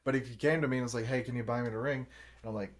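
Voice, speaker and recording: A man's voice: mid-range voice, racing. A man on a casual podcast, telling a story with lots of swearing and acting out the quotes himself. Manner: animated storyteller, acts out quotes, swears freely. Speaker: podcast host.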